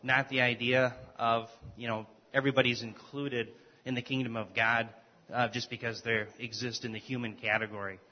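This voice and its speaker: A man in a Bible class making a measured point and citing scripture. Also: medium pitch, little pitch movement. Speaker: class participant. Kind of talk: class discussion comment. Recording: muffled lo-fi recording.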